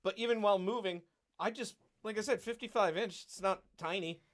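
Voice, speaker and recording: A man's voice: high voice, a little fast. A man chatting casually on a podcast, easygoing and swearing offhandedly. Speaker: podcast co-host. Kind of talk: casual chat.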